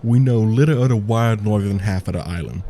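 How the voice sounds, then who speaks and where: A man's voice: on the low side, a little fast, mellow, slight background noise, lightly acted. A man reading the lines of a proud, guarded male tribe leader of creature servants in a fantasy game, stumbling and restarting as he reads.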